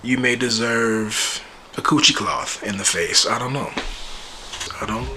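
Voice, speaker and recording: A man giving a casual, joking recap and reaction to a TV episode, animated and full of slang. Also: mid-range voice, a little slow, noisy background. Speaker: YouTube TV reviewer.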